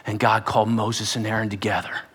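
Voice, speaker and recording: A man preaching a sermon, telling the story dramatically and acting out voices, dropping to whispers and rising to loud outbursts. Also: fairly low pitch, flat delivery, fairly quick, husky. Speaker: pastor.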